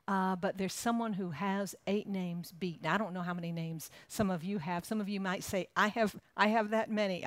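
Low-voiced woman preaching a sermon. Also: no echo. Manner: conversational, warm asides to the congregation. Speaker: pastor.

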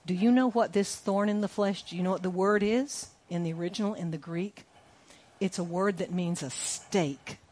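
A woman's voice: fairly low pitch, steady tone, normal speed, a little mellow, slight background noise. A middle-aged woman pastor preaching a sermon in church, emphatic, repeating key lines and asking the congregation questions. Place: church sanctuary.

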